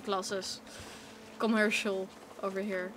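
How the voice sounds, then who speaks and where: A woman with a Dutch accent, chatting playfully while streaming a game, at times breaking into excited squeals. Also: medium pitch, slow, background noise. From Netherlands. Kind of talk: casual gameplay chat.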